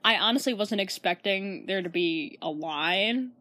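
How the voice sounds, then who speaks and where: A woman's voice: mid-range voice, expressive, unhurried, bright, forceful tone. A young woman chatting casually as a podcast co-host, laughing often and sometimes losing her thread. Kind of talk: casual chat.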